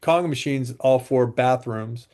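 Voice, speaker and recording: With a medium-pitched, unhurried voice, this man tells stories from selling water machines during a relaxed interview. He brings the tales to life by performing the quotes of the people involved.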